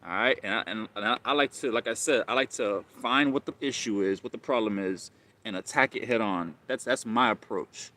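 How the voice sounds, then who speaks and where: A man's voice: fairly low pitch, brisk, bright, forceful tone. A man hosting a live stream, talking casually and rambling, often repeating himself and calling listeners bro.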